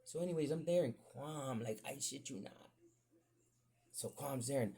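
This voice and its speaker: A man hosting a podcast, telling a profane, animated story in casual talk that jumps up high when he gets excited. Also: normal speed, creaky, breathy edge. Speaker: podcast host.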